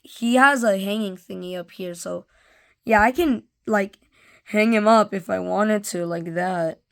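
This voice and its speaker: A woman casually reviewing toys in a rambling, offhand way, full of fillers. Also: mid-range voice. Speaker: toy reviewer. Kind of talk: casual product review vlog.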